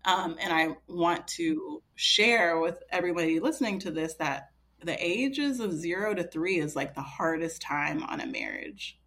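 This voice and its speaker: A woman's voice: lowish voice, big pitch swings, measured pace, a bit bright. A woman in her thirties, a podcast guest telling a personal story in a chatty way, full of fillers and quoting herself. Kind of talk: casual storytelling.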